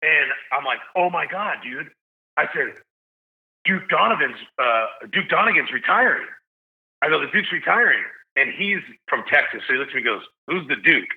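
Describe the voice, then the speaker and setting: A fairly high-voiced man in his forties from Tennessee tells a story casually, slangy and animated, acting out each voice he quotes. The sound is thin and tinny, like a phone line. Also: normal speed. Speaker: podcast guest.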